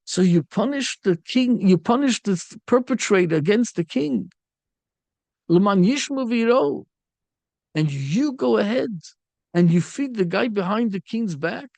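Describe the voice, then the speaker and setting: A man's voice: high voice, a little slow, no echo. A man, a rabbi, giving a Torah lecture, telling stories and acting out the people in them. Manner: animated storytelling, acts out quoted speakers.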